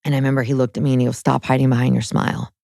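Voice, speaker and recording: Woman in her thirties, interview guest, candid and emotional, gravelly fry, dry close sound. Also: rumbling low, little pitch movement, racing, dark tone, no echo. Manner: emotional, frank, lots of "like" fillers. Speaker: guest, spiritual guide.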